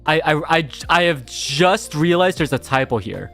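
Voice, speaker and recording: A man's voice: a little high, expressive, normal speed, creaky, few pauses, fairly bright tone, faint music behind. A man streaming casually, talking playfully in a rambling way, full of fillers and restarts. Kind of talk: casual livestream chat.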